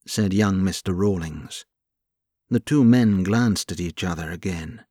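Slow, low-voiced male audiobook narrator. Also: dark tone, dry recording, studio quality. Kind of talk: scripted narration.

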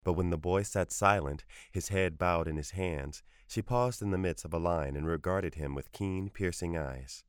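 A man narrates a short story at a measured pace. His voice sits very low, and the recording is close and dry, with no room sound. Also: no echo. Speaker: audiobook narrator. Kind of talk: scripted narration.

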